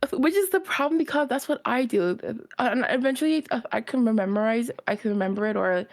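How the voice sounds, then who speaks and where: Woman on a drawing stream, highish voice, super animated storytelling w/ squeaky voice jumps. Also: brisk. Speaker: stream co-host. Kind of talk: casual chat while drawing.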